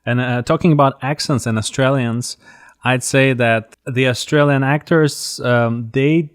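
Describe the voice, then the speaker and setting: A man from Russia with a Russian accent hosting a casual interview, speaking haltingly with frequent restarts. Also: mid-range voice, fairly even intonation, clean tone. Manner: halting, with many restarts and fillers. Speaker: interview host.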